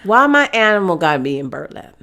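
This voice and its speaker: A woman's voice: medium pitch, big pitch swings, quick pace, bright, forceful tone. A woman hosting a casual podcast, telling stories with lots of laughter and playful put-on voices. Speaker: podcast host. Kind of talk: casual chat.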